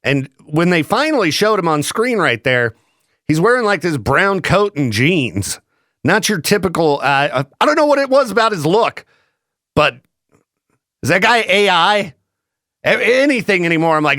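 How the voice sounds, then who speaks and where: Male morning radio host, lively swooping delivery, joking, dry studio mic. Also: high-pitched, moderate pace, dry recording. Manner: animated, joking, laughs often. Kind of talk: casual morning radio chat. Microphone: studio microphone.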